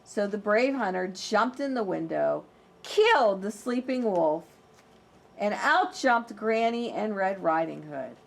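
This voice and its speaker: A preschool teacher reads a storybook aloud and teaches a lesson, slow, gentle and expressive. Her voice sits in the mid-range and has some vocal fry.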